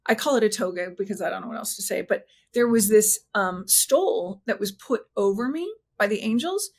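A woman in an interview, telling a personal story earnestly and haltingly, often restarting her sentences and slowing down at emotional points. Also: mid-range voice, expressive. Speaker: interview guest.

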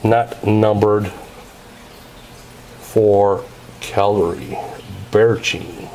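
A man's voice: medium pitch, expressive, slow, a little mellow, slight background noise, poor audio. A man casually narrating as he opens packs of trading cards, reading out each card's details in a methodical way. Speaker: card break host.

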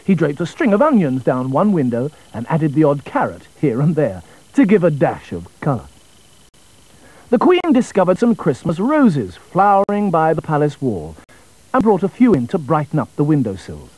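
Expressive man reading a children's story. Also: fairly high pitch, normal speed, breathy edge, no room sound, low-quality recording. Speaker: narrator.

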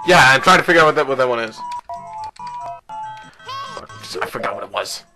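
A man's voice: mid-range voice, animated, brisk, bright, forceful tone, soft background music. A man hosting a let's play, joking and swearing as he thinks aloud through the game. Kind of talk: casual gameplay commentary.

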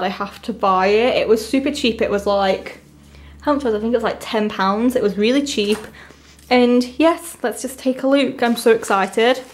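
A young woman from England chatting casually as she unboxes a haul, gushing and exclaiming often. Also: a little high. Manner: gushing, repeatedly excited, lots of "oh my god".

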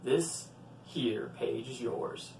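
A man voicing Saint Peter as a stern old gatekeeper, speaking quietly and slowly. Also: mid-range voice, gravelly, slight background noise, pitched below the performer's own voice, full character voice. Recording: roomy, from a distant mic.

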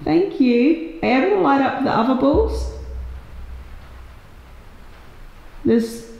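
A woman speaking slowly and sweetly, gushing her thanks to unseen spirits. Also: high-pitched, expressive, vocal fry, darkish tone. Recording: very echoey room, long reverb.

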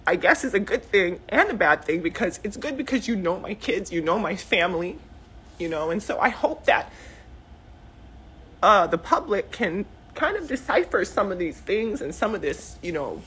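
Husky-voiced emotional woman on live video. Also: mid-range voice, a bit bright. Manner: emotional, rambling, full of fillers and restarts. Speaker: mother speaking out on social media. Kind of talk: unscripted live video monologue. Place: living room at home, cluttered with clothes.

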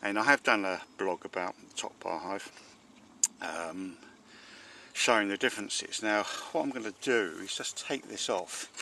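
A man, a beekeeper chatting casually as he works a hive outdoors and talks to his bees, breaking into excited exclamations. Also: on the low side, unhurried, gravelly, slight background noise. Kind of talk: casual narration while working a hive. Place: outdoors at a beehive. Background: buzzing bees.

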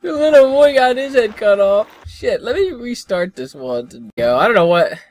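High-pitched yelping male gamer. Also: sing-song, normal speed. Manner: yelps, shouts and laughs, swears often. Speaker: gaming YouTuber. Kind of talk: excited let's-play commentary.

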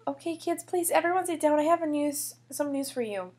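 Kindergarten teacher voiced by a woman, toy story, calm, coaxing, motherly, high voice. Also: a little fast, lightly acted.

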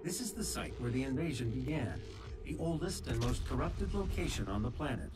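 A man voicing a calm AI mission guide. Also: medium pitch, natural voice. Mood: measured. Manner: measured, informative briefing. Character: male AI guide giving mission briefing. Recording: game audio from a distance, noisy.

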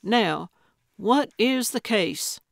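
A woman voicing an excitable, eccentric older female amateur sleuth in an audiobook, gleeful about crime. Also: fairly high pitch, very slow, creaky, dry recording, studio quality, full character voice. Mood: eager. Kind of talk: audiobook character voice.

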